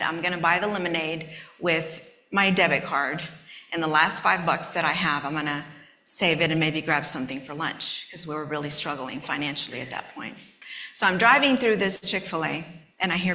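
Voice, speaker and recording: A woman's voice: low-pitched, brisk, pushed and bright. Heartfelt woman telling a testimony. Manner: candid, heartfelt, close to tears at times. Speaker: conference speaker. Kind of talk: personal testimony storytelling. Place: large conference hall. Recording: echoey hall.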